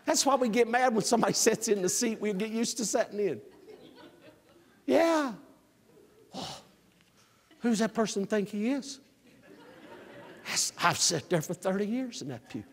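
A man in his sixties preaching a sermon, swinging from near-shouts to quiet asides. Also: high voice, expressive, unhurried, pauses often, in a large hall. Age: 60s. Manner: emphatic, rising to near-shouts then dropping to a conversational aside. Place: church.

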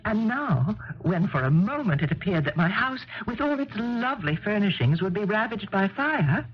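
A woman's voice: medium pitch, sing-song, moderate pace, lightly acted. An actress playing a gracious, clever young newlywed woman in a 1970s radio drama, speaking in a gracious, lilting way. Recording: muffled old radio broadcast with faint hiss.

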